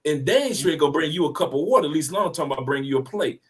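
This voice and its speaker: A man holds forth in a casual talk, slangy and animated, stacking up repeated words as he builds his point. His voice sits somewhat high for a man. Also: rapid-fire. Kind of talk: casual discussion, storytelling.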